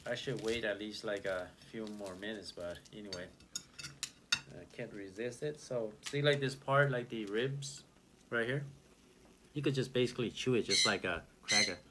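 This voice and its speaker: A man hosting a casual food vlog, talking in a relaxed, chatty way with lots of fillers while he eats. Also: fairly low pitch, normal speed, heavy background noise. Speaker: channel host.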